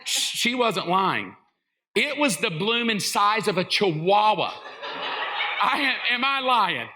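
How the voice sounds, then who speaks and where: A middle-aged man with a Southern US accent, a pastor preaching a sermon full of funny stories, animated and self-mocking. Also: sits high, slow pace. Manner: animated, self-mocking, acts out voices and sounds. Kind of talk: comedic sermon storytelling. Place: church sanctuary.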